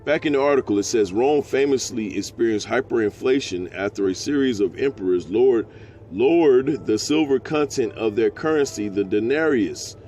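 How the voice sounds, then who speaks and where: A man teaching scripture, reading verses slowly and breaking into slangy, profane asides. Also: mid-range voice, warm tone, slight background noise. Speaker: preacher. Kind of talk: scripture teaching with street talk.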